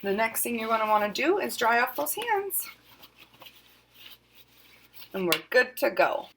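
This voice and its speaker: A woman librarian hosting a virtual story time, reading a picture book to young children in a gentle, instructive way. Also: on the high side, big pitch swings, measured pace, background noise.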